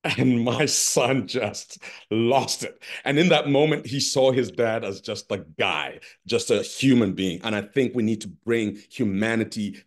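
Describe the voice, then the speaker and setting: A middle-aged man giving an expressive conference keynote over a video call, calling on listeners by name. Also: medium pitch, unhurried. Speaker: keynote speaker.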